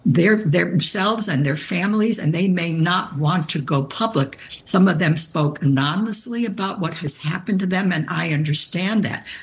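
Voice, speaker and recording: Articulate older woman as interview guest. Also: lowish voice. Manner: articulate, measured, earnest. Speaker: retired federal judge, guest. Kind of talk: TV news interview.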